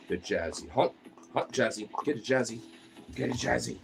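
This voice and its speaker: A young man chatting playfully to his pet dogs, sliding into high cooing pet talk. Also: moderate pace, gravelly, music in the background. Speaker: dog owner vlogger.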